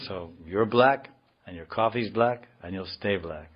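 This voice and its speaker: A man giving a scripture class, explaining words slowly in a digressive, joking way, heard in a dull lo-fi recording. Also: fairly low pitch. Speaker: spiritual teacher.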